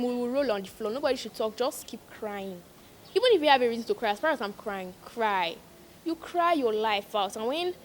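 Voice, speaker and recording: A woman's voice: medium pitch, a little hiss or hum. A young woman vlogger giving emphatic, preachy advice to her viewers, repeating lines for stress. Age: young adult. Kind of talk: casual advice monologue to viewers.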